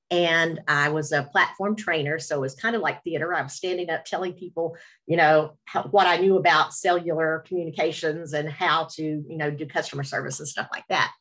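Middle-aged woman w appalachian southern accent, kinda low voice, self-deprecating storyteller, faith talk, webinar call. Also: fairly bright tone. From Virginia, USA. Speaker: radio host, webinar speaker. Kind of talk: personal testimony talk. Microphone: webinar video call.

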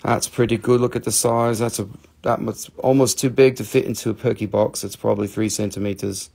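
A man's voice: on the low side, steady tone, brisk, gravelly, a little mellow. A man with a Southern US accent from North Carolina, hosting a live online crystal sales stream with joking, rambling salesman banter. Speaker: host selling crystals.

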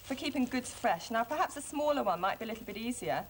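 A woman presenting a children's TV show, reading a storybook aloud and then showing a craft, in an expressive, friendly way. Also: a little high, quick pace, slight background noise.

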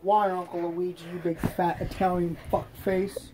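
A man's voice: sits high, level tone, a little slow, a little mellow, a little hiss or hum. A boy voicing a crude, bratty boy puppet in a fan puppet parody, spitting foul-mouthed, menacing taunts.

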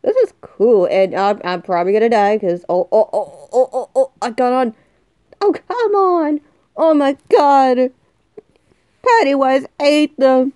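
A woman's voice: a little high, a little slow, dark tone, dry recording, clean studio sound. A woman in her twenties commenting on a game she is playing, jumpy and swinging from muttering to shrieking. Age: 20s. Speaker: gaming youtuber. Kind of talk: excited let's-play commentary.

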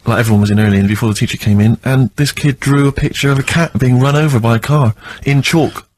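A man's voice: mid-range voice, steady tone, quick pace, a little mellow. A man co-hosting a radio show, recalling school days in a rambling, reflective way. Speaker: radio co-host. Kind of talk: casual radio chat.

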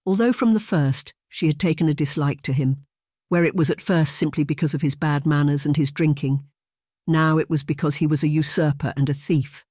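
Man narrating an audiobook, measured. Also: fairly high pitch, fairly even intonation, a little mellow, no echo, clean studio sound. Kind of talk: scripted narration.

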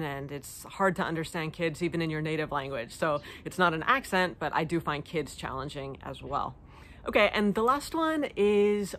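A woman's voice: low voice, a bit bright. A woman from the United States answering viewer questions in a casual vlog, chatty with lots of ums and likes. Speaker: vlogger.

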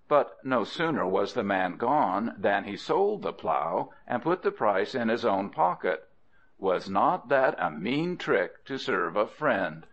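A man narrating folk tales for an audiobook, expressive and adding playful asides to the listener. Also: fairly low pitch. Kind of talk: storybook narration. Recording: dull lo-fi audio.

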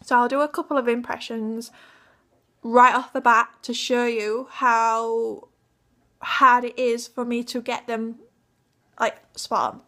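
A woman's voice: on the high side, little pitch movement, takes it slowly, a bit bright. A young woman from Hull with a Yorkshire accent, chatting in a giggly, rambling vlog. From Yorkshire, England. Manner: giggly and rambling, many fillers. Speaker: cosplayer and vlogger. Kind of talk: casual vlog chat.

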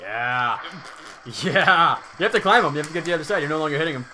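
A man's voice: on the high side, animated, quick pace, sharp tone, a little hiss or hum. A young man co-hosting a let's play, talking casually over a game, swearing often and laughing at his partner. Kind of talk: casual gaming commentary.

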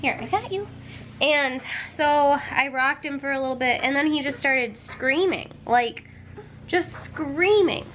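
A woman's voice: high-pitched, slow pace, a bit bright, slight background noise. A young woman and mom talking casually to her handheld camera at home, rambling and tired, with lots of "like" fillers. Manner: chatty and rambling, many "like" fillers. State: tired and emotional. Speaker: mom vlogger. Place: home living room.

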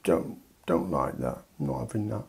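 A man voicing a stubborn, sulky childish country that whines and refuses everything in broken baby talk, with a husky voice. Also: low voice, animated, a little slow, a little mellow, pitched below the performer's own voice, full character voice. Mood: sulky whining.

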